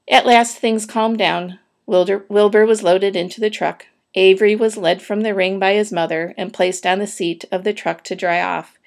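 A woman narrating a children's book aloud, with steady storytelling and a few small slips. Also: mid-range voice, creaky.

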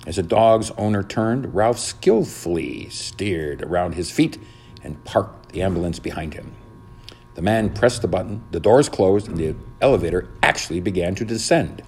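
A man narrating a children's storybook in a dramatic, expressive reading. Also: sits low, normal speed, slight background noise.

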